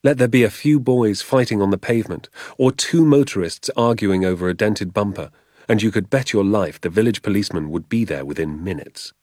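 A man with a fairly low voice reads a storybook aloud in a measured, expressive way. The sound is close and dry, with no room around it. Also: no room sound. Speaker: audiobook narrator. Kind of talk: storybook narration.

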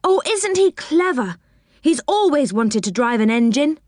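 A woman voicing an admiring, excited young girl in a storybook reading. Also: high voice, measured pace, dry recording, studio quality, pitched above the performer's own voice. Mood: gushing. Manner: gushing.

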